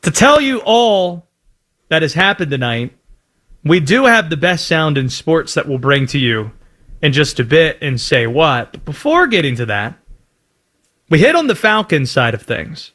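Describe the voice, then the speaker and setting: A man hosting a sports talk radio show, taking calls and tossing out quick opinions with lively asides. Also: a little high.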